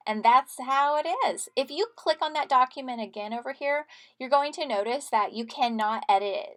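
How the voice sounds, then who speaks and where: A woman's voice: fairly high pitch, a bit bright. Upbeat woman teacher walking students through steps. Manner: friendly step-by-step instructions to students. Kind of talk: screen-recorded software tutorial.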